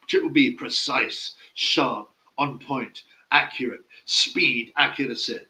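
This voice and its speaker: A man's voice: mid-range voice, fairly even intonation, unhurried, few pauses, bright, forceful tone, low-quality recording. A man giving casual live-stream boxing commentary, blunt, mocking and opinionated.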